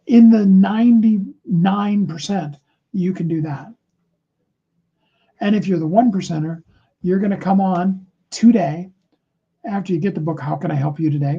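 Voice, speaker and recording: A man's voice: high voice, mellow, slightly rough, muffled recording. A man giving a motivational livestream talk, speaking earnestly and encouragingly to his viewers. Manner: earnest, encouraging, acts out short sample dialogues.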